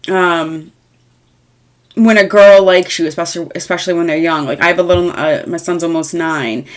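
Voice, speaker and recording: Woman in her thirties, tarot reading, low-pitched, rambling, frank, lots of fillers. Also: steady tone, normal speed. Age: 30s. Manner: rambling, frank, peppered with fillers and mild swearing. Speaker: tarot reader.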